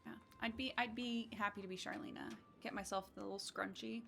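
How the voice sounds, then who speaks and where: A woman's voice: medium pitch, steady tone, a little fast, gravelly, fairly bright tone, faint music behind. A woman hosting a charity speedrun stream, chatting in a bubbly, playful way with frequent giggles. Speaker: charity speedrun marathon host. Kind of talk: casual chat.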